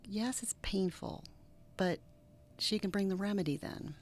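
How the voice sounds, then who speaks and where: A middle-aged woman, a reverend, speaking as an interview guest and telling personal stories earnestly, now lively, now dropping to a soft near-whisper. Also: mid-range voice, unhurried. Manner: earnest, animated storyteller who drops to soft near-whispers. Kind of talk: interview conversation with personal storytelling.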